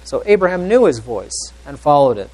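A man's voice: a little high, sing-song, moderate pace, low-quality recording. A man preaching a sermon and reading scripture aloud in an earnest, questioning way, sometimes dropping almost to a whisper. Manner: varies loudness widely, drops to near whisper.

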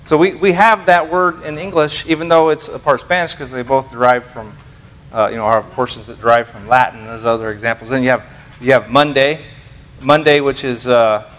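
A man's voice: medium pitch, fairly even intonation, brisk, a bit bright. An American man giving an informal sermon to a small congregation, rambling and self-deprecating, full of fillers and restarts. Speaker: lay preacher.

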